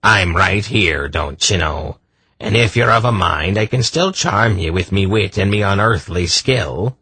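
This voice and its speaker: A man voicing a gnarled, ill-tempered old hunchback sorcerer in an audiobook, gruff and later putting on a lilting brogue. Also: low voice, very animated, a little slow, pushed and bright, no room sound, pitched above the performer's own voice, exaggerated voice. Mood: teasing.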